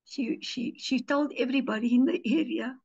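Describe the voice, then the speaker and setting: A woman pastor preaches with lively storytelling, slipping into the voices of the people she quotes. Her voice sits a little high for a woman's. The audio is muffled and lo-fi. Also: normal speed, gravelly, husky. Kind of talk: teaching sermon with personal stories.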